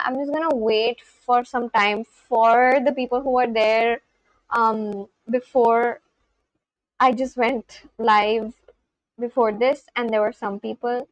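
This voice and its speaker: High-voiced young woman chatting live. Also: fairly bright tone, dry recording, poor audio. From India, West Bengal. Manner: chatty, reads out viewer questions and answers them. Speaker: livestreamer. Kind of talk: casual live-stream chat with viewers.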